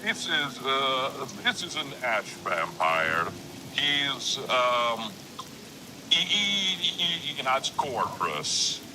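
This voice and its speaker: A synthetic voice cloned from a man, playing a slow, theatrical, godlike male villain, with rain noise behind it. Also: mid-range voice, sing-song. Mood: grandiose.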